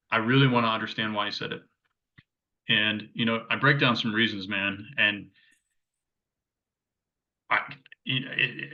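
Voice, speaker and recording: A man's voice: on the low side, pushed and bright. A man in his thirties, a podcast co-host, telling a story in a rambling, reflective way with lots of fillers and restarts. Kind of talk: casual storytelling chat. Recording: dull lo-fi audio.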